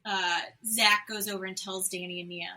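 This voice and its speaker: A woman's voice: mid-range voice, moderate pace, low-quality recording. A woman co-hosting a podcast, chatting casually and bluntly about reality TV, swearing freely and acting out what others said. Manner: blunt, swears freely, animated retelling with mimicked quotes. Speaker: podcast co-host. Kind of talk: casual chat recapping reality TV.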